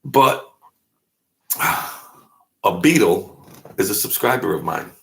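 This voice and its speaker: Taking his time, a man with a lowish, gravelly voice speaks in a very animated way. He hosts his own YouTube channel, giving a loose, rambling vlog monologue full of jokes and self-deprecating asides.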